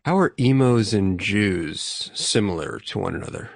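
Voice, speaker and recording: A man co-hosting a podcast, telling dark jokes in casual chat with slow, drawn-out setups. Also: creaky, no room sound, studio quality. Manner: slow, drawn-out setups with lively pitch swings. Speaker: podcast co-host.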